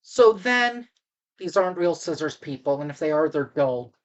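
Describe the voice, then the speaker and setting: A woman's voice: deep voice, animated, moderate pace, dull audio. A woman casually recapping a movie, rambling with fillers and restarts, and talking to the audience in asides.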